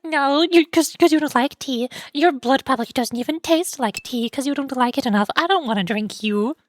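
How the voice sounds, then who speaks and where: A woman hosting a livestream, chatting casually in a playful, excitable way and teasing her chat with mock indignation. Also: high voice, brisk, no room sound. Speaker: livestream host.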